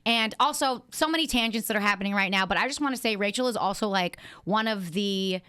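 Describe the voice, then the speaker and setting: A woman's voice: medium pitch, fast, sharp tone, clean tone, dry recording. Playful woman podcast host, dry sound. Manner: playful, rambling, self-mocking asides. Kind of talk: casual chat.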